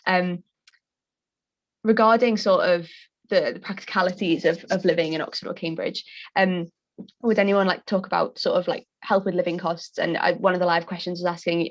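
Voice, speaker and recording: A woman's voice: on the low side, fairly even intonation, normal speed. A young woman with a Scouse accent who moderates a student panel, chatty and full of restarts. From Liverpool, England. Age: young adult. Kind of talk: casual panel discussion. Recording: muffled lo-fi audio.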